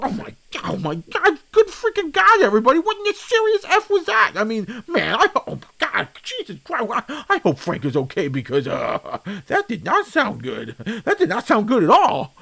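A man's voice: very high-pitched, wildly swooping pitch, moderate pace, gravelly, hardly any pauses, bright, forceful tone. A man hosting a comedy podcast, with exclamatory, theatrical outbursts and frequent swearing. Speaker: podcast host.

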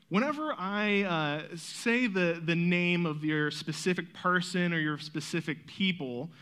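A man leading a children's church Bible story skit, coaxing kids on stage and telling the story as a lively, encouraging storyteller. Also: high voice.

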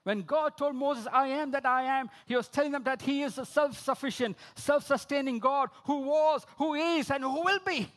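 A man preaching a sermon, repeating key phrases, calling listeners friends, and swinging between emphatic outbursts and low, quiet lines. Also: normal speed, hardly any pauses. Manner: rises to emphatic high exclamations, drops low for quoted lines.

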